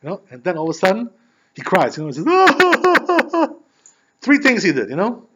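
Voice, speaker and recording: A man who is a rabbi, telling a story in a sermon in an animated, chatty way, full of filler phrases. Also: on the high side, racing, background noise. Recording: dull lo-fi recording.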